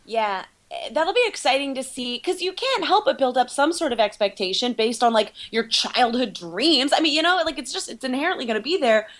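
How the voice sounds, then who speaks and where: A woman's voice: high voice, animated, brisk, hardly any pauses. A woman guest on a podcast over a remote call, chatting playfully and laughing at herself. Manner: playful, giggly, self-deprecating. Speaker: podcast guest, YouTube creator. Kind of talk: casual chat.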